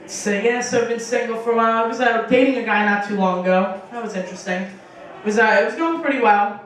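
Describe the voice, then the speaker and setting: A woman's voice: on the high side, fast, slight background noise. A young woman doing a stand-up comedy set on a small bar stage, rambling and profane with lots of fillers, acting out other people's lines. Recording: echoey bar room from a distance.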